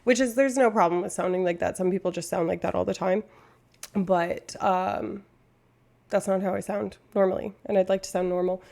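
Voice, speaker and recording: A woman's voice: medium pitch, fairly even intonation, normal speed, vocal fry, a little mellow. A woman from Canada, a streamer chatting casually and rambling, laughing often at herself. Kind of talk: casual chat.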